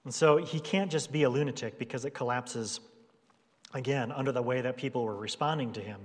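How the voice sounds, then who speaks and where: The preacher's mid-range voice runs a little fast as he gives his sermon in an easygoing, conversational tone. He briefly voices the people in his story. The recording is washed in long hall reverb.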